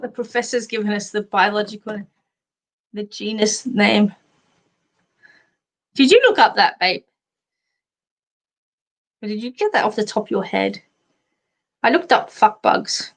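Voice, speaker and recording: Giggly Australian woman, slow chat. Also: medium pitch, fairly even intonation. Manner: chatty and giggly, reads out comments. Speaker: host of a live chat show. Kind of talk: casual live chat.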